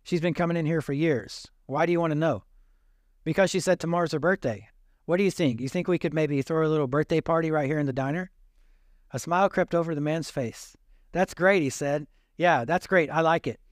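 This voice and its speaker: A man's voice: on the high side, brisk, no room sound, studio quality. A man, a pastor, preaching a sermon and retelling a story with quoted dialogue.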